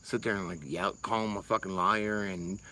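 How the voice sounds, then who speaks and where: A man's voice: fairly low pitch, steady tone, normal speed, bright, forceful tone, poor audio. A man, rambling casually and swearing freely on a livestream while answering chat. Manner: rambling, profane, laid-back.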